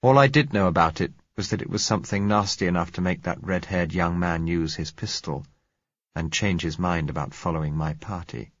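A man narrating a story in the first person, in a measured, reflective way. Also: deep voice, dry recording. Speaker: audiobook narrator. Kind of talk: scripted narration. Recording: dull lo-fi recording.

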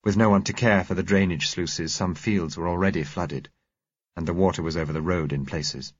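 A man reading a first-person story aloud in a measured, steady narration. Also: sits low, breathy edge, no echo, lo-fi sound. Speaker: audiobook narrator.

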